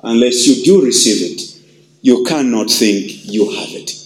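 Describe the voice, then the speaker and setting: Emphatic pastor in an echoey church. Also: male voice, lively intonation, a little slow. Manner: emphatic, repeats phrases, shifts pitch widely for emphasis. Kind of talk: sermon.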